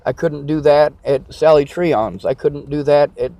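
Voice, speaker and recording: High-voiced man on an angry rant. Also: a little slow, warm tone. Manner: agitated, profane, repetitive venting. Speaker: vlogger. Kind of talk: angry personal rant to camera.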